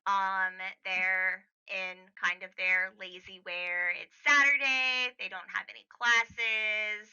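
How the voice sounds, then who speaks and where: A woman runs a tabletop game at an unhurried pace, her voice bright and clean. She drops her voice low as she narrates and fills the gaps with soft fillers. The sound is a little dull and lo-fi. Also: fairly even intonation, clear, resonant tone. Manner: slow, hushed narration with frequent fillers. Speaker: game master.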